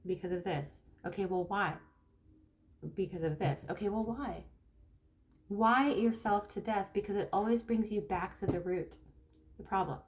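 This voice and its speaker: A woman from Northern California who works as a spiritual coach and tarot reader talks casually to camera. She rambles with restarts and slows down to stress her key points. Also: medium pitch, a little hiss or hum. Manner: rambling, with restarts and acted-out quotes.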